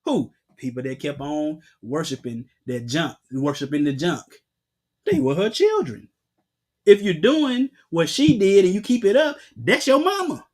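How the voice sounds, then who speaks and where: A man preaching a Bible-teaching sermon with emphasis. He asks rhetorical questions and answers them himself, and he bursts out loudly when reading scripture. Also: on the high side, sing-song, unhurried.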